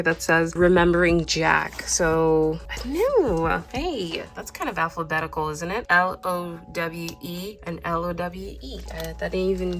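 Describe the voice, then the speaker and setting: A woman's voice: lowish voice, fairly bright tone. A woman vlogging in a casual, bubbly way from her apartment, chatting with many fillers. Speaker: booktuber. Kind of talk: casual chat.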